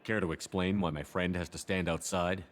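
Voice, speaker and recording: A man voicing a calm, measured male military commander in a video game. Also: low voice, lightly acted.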